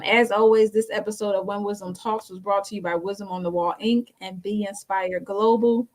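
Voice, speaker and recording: A woman's voice: medium pitch, low-quality recording. Easygoing woman talk show host. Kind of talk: casual chat and scripture reading.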